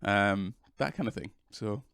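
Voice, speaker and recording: A man's voice: lowish voice, measured pace, creaky, fairly bright tone, clean tone, dry recording, clean studio sound. A man with a British accent, a guest on a casual podcast, who has a cold and talks hesitantly with many restarts. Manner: hesitant, restarts often, self-deprecating. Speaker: interview guest, videographer.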